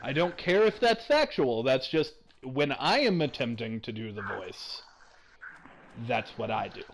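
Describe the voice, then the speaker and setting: A man hosting a gaming stream, chatting casually and excitably, laughing often as he rambles. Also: mid-range voice, a little slow, slight background noise. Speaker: streamer host. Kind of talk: casual chat while gaming.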